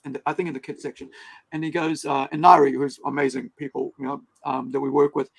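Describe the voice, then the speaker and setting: A New man co-hosting a casual podcast, his voice sitting a little high with a gravelly edge. He tells stories in an animated way and acts out the lines of the people in them. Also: quick pace, poor audio. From New Zealand. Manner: animated storyteller, acts out quotes. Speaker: podcast co-host. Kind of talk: casual chat.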